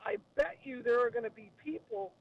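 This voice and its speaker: A man's voice: very high-pitched, very animated, brisk, vocal fry, no room sound. A man calling into a radio show as a regular guest, chatty and wry. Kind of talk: casual radio chat. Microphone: phone line. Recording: dull phone line audio.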